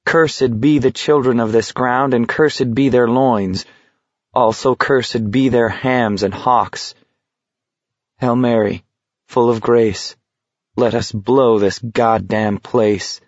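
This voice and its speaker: A male audiobook narrator voicing a hysterical, mocking young man who giggles and rants in a high sing-song. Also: fairly even intonation, slow, no room sound, dull audio.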